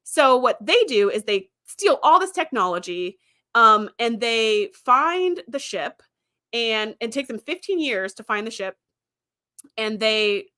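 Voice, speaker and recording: Bright-voiced woman recapping casually. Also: on the high side. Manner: chatty retelling with acted-out quotes and fillers. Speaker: host. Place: streaming setup.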